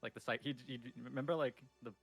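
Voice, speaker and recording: A laid-back man joking around as a player. His voice sits at a middle pitch, and faint music runs behind him. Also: quick pace, creaky. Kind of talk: casual chat.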